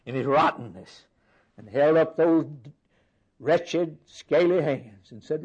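A man's voice: fairly high pitch, slow, darkish tone, husky, highs cut off. Emphatic male preacher in full sermon. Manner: rhythmic emphatic preaching with lists of words.

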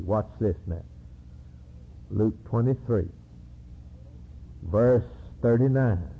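A man's voice: mid-range voice, slightly rough. A man preaching a sermon, reading scripture and acting out its cries with dramatic emphasis. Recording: tinny lo-fi phone-like recording.

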